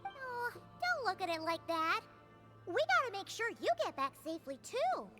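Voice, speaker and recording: A woman voicing a tiny, bossy, excitable floating girl companion in a video game, with a shrill, squeaky voice and scolding warnings. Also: moderate pace, full character voice. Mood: chatty. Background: game music.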